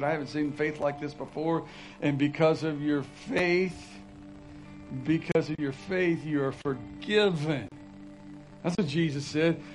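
A man's voice: a little high, rough recording. A man preaching a sermon as pastor, folksy and conversational, building to urgent repeated emphasis.

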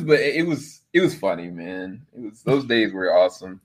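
A man's voice: mid-range voice, lively intonation, brisk, few pauses. A man in his thirties, a guest in a casual chat, who talks in an easygoing way and laughs as he speaks. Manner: easygoing, laughs while talking.

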